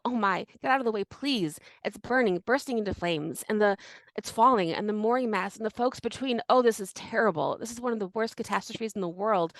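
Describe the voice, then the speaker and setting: A woman's voice: mid-range voice, no room sound, natural voice. A woman voicing a panicked male radio reporter at a disaster, breathless and repeating herself. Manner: frantic, breathless, repeating phrases. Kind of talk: dramatic reading of a broadcast.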